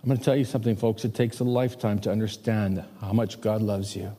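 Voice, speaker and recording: A pastor in his fifties preaching a sermon, emphatic, swinging between loud and hushed. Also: lowish voice, steady tone, quick pace. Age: 50s. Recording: long hall reverb.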